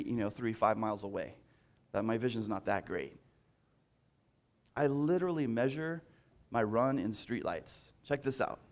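A male pastor preaching a sermon in an animated, repetitive style that builds in intensity. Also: mid-range voice.

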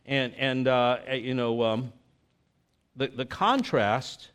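A pastor preaching a conversational sermon, full of "you know" and "like" fillers, moving between lively asides and quiet, earnest reflection. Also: male voice, medium pitch, slow, clear, resonant tone.

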